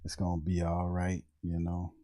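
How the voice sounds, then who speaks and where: A man doing an impression of a laid-back football player, slow, smooth and nonchalant. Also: sits low, completely flat delivery, mellow, dry recording, studio quality, voice pushed down, lightly acted. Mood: mellow.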